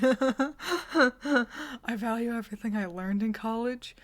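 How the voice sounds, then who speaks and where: A woman's voice: on the high side, slow pace. A woman streamer chatting casually with her viewers, handing out teasing, mock-insulting advice and laughing often. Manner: admits she is bad at whispering. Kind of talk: casual livestream chat.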